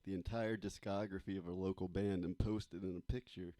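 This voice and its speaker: A man's voice: deep voice, steady tone, fairly quick, dark tone, dry recording. A man hosting a birthday roast, easygoing and laughing along as he wraps up the show. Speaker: host. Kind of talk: casual chat, wrapping up a show.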